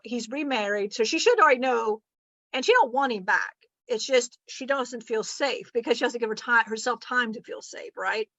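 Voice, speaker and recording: Chatty woman, bright muffled voice. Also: a little high, no echo. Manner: rambling, chatty, laughs often. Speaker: spiritual channeler and teacher. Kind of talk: casual spiritual teaching. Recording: muffled lo-fi recording.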